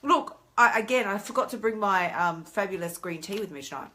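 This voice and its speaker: An Australian woman in her thirties talking casually on a live stream as a coach, chatty and animated, acting out inner voices. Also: mid-range voice, brisk. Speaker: weight-loss coach hosting a live stream.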